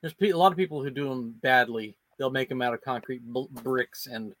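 A man's voice: mid-range voice, fairly quick, fairly bright tone, no echo. A man in casual conversation, explaining practical details.

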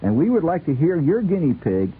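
A man's voice: on the high side, sing-song, a little fast, breathy edge. Rambling man on tinny old radio. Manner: rambling, chuckling, playful. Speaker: radio host. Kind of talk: late-night radio chat.

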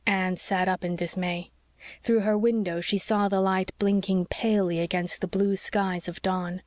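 A woman narrating an audiobook in a calm, measured way. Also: mid-range voice, no room sound, clean studio sound. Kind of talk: scripted narration.

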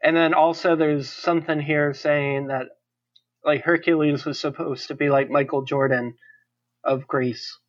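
A man's voice: a little high, steady tone, measured pace. A man on a casual movie podcast, reading facts aloud with a few hesitations, heard over dull lo-fi call audio. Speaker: podcast co-host.

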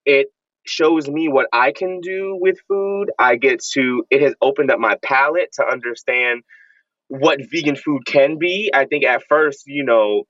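A young man from Florida, a vegan content creator, telling stories in casual chat with animated, emphatic slang. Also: medium pitch, a little slow, dry recording, lo-fi sound. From Jacksonville, Florida, US.

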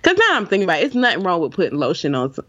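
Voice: mid-range voice, wildly swooping pitch, rapid-fire, sharp tone, no echo, lo-fi sound. A podcast co-host telling a funny anecdote in casual chat, acting out quoted lines. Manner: tells anecdotes with quoted dialogue, laughs.

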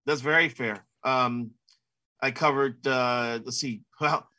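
A man's voice: medium pitch, fairly even intonation, slow, bright, forceful tone. Rambling sportswriter man in his fifties. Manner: rambling, frequent "you know" fillers. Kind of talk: casual interview.

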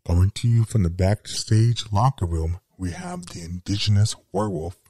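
Man doing a wrestling announcer, backstage introduction, dry, lowish voice. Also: animated, normal speed, creaky, warm tone, no echo, distant mic. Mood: announcing.

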